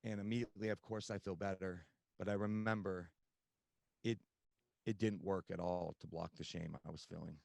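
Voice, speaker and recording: A man's voice: deep voice, fairly even intonation, moderate pace, vocal fry, a little mellow, no echo. A man telling his recovery story as a podcast guest, candid and conversational with frequent fillers.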